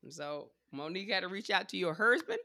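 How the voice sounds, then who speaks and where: A woman's voice: lowish voice, big pitch swings, brisk, pushed and bright, no echo, studio quality. A woman co-hosting a casual chat with friends, blunt and profane, teasing with affection.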